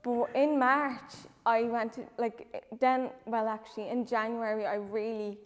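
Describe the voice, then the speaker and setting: Nervous woman giving a halting testimony. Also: a little high, little pitch movement. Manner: halting, lots of "um" and "like". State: nervous, close to tears. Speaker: church member giving testimony. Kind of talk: personal testimony. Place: church. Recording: reverberant church hall.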